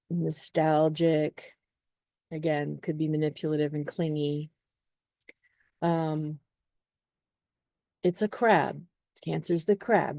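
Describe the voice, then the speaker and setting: Woman astrologer, mellow and somewhat low, casual, hedgy delivery. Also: no echo. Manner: hedging, uses many "sort of" and "you know". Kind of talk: casual spoken explanation.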